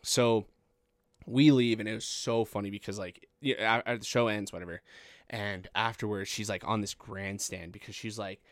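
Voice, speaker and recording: A man's voice: on the low side, fairly even intonation, moderate pace, no room sound, studio quality. A young man in his twenties telling a long, rambling, profane story in casual chat and laughing at it.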